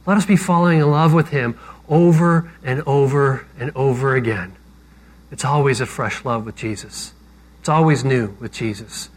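Chatty, joking male pastor. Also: a little high. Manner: conversational, joking, self-deprecating preaching. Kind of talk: sermon.

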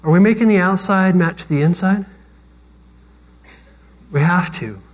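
Male pastor, sermon, conversational, self-deprecating humor, slightly high voice. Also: a little slow.

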